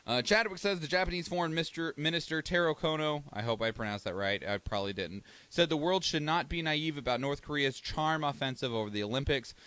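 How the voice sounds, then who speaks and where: A man's voice: fairly high pitch, a little fast, hardly any pauses, a bit bright, clear, resonant tone, dry recording. A young American man hosting a podcast, talking casually and profanely, rambling and acting out countries in mock voices. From United States. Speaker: podcast host. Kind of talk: casual solo commentary.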